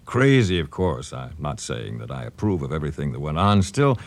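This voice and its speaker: A breezy, naive questioner in a drama, easygoing and casual. His voice is very deep, and long reverb hangs around it. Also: big pitch swings, brisk, gravelly, full character voice.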